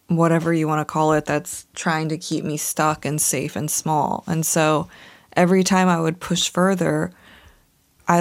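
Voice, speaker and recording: A woman talks through a personal story on her podcast, candid and heartfelt, sprinkling "like" through her sentences. Her voice sits a little low and has a gravelly, fry-tinged texture. She speaks close to the mic. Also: a little mellow. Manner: candid, emotional, frequent "like" fillers. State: tearful. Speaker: podcast host.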